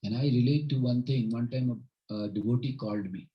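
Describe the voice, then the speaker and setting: A man's voice: medium pitch, a little fast, muffled recording. A man leading a home gathering, giving an informal devotional talk with stories in an earnest manner and often checking in with his listeners.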